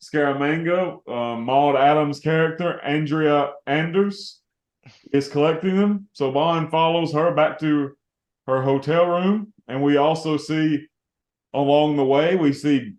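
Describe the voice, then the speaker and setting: A man hosting a podcast, chatting casually about a film in a relaxed, rambling way and laughing often. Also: on the high side, measured pace, reverberant. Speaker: podcast host.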